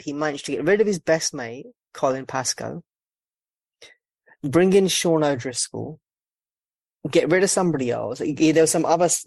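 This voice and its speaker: A man's voice: mid-range voice, vocal fry, darkish tone, dry recording. A man hosting a casual podcast chat, joking, swearing and laughing at his own gags. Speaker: podcast host. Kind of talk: casual banter.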